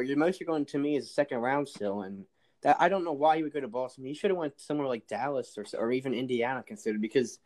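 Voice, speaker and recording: A man's voice: medium pitch, darkish tone. A man talking as a guest in a casual sports chat, giving strong opinions and repeating his points.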